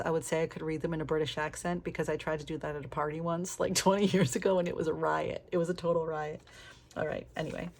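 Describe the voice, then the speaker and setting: A middle-aged woman chatting candidly while flipping through her planner, laughing often and swearing casually. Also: low voice. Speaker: planner vlogger. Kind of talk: casual flip-through chat.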